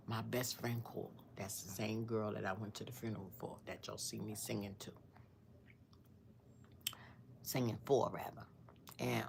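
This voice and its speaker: A woman in her sixties telling a personal story on her channel, earnest and devout, rambling as she searches for words and sometimes dropping to a hushed near-whisper. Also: rumbling low, creaky, slight background noise. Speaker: storyteller vlogger.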